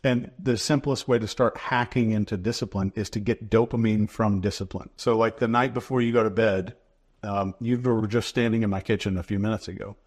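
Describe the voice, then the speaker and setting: A man, a guest in an interview, explaining ideas in a measured, instructive way and repeating key phrases for emphasis. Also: lowish voice, steady tone, a little mellow. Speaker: behavior expert guest.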